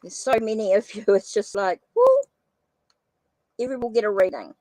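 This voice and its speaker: A woman's voice: medium pitch, quick pace, mellow, dry recording, poor audio. A woman hosting a live tarot reading stream, apologizing and thinking aloud as she types up viewers' names in a casual chat. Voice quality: says she has a funny accent.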